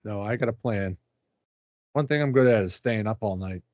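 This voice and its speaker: A man with a low voice co-hosts a podcast, joking and cursing casually. The audio is dry and somewhat muffled. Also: moderate pace, a little mellow, no room sound. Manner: profane, joking. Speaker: podcast co-host.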